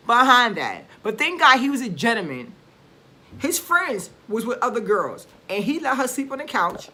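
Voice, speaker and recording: A woman's voice: on the high side, bright, forceful tone. A woman vlogger ranting to camera in a casual, blunt and profane way, with emphatic bursts and frequent restarts.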